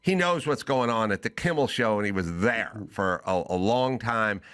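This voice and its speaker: A male podcast host tells an anecdote with a bright, energetic edge. His pitch swings widely as he acts out both sides of the conversation, climbing into excited near-shouts. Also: moderate pace, smooth. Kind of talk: animated comic storytelling.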